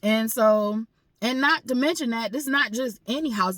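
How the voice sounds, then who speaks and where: A woman's voice: mid-range voice, moderate pace, a bit bright, dry recording, studio quality. A woman vlogging a personal story with raw emotion, swearing often and repeating herself for emphasis. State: emotional, grieving.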